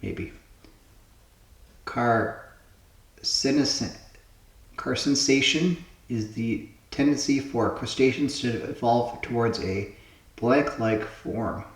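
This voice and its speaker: A man's voice: medium pitch, slow pace, long pauses. A man with a mid-range voice talks himself through word puzzles, floating guesses aloud one after another. His voice carries a noticeable room echo. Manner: musing, trial-and-error guessing of answers aloud. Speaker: host playing word puzzles. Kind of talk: casual thinking aloud while solving puzzles. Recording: roomy echo.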